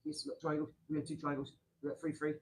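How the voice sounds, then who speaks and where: A man hosting a casual live stream from his garage, rambling excitably and talking straight to his viewers. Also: a little high, fast talker, a little hiss or hum, low-quality recording. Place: home garage.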